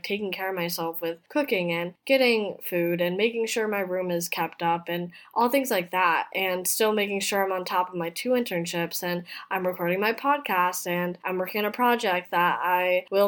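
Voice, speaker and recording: A woman in her twenties hosting her own podcast, talking in a chatty, heartfelt way, full of "like" and "you know.". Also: medium pitch. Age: 20s. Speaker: podcast host. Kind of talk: casual personal podcast monologue. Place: apartment room in a city.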